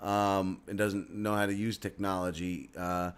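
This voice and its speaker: Teasing, low-voiced male co-host. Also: flat delivery, measured pace, clean tone. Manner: teasing, sardonic. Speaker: podcast co-host. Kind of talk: casual podcast chat.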